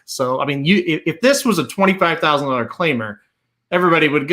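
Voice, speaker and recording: A man co-hosting a horse racing podcast, giving his betting picks in a blunt, animated way with casual swearing. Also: a little high, fast talker. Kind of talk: casual betting analysis chat.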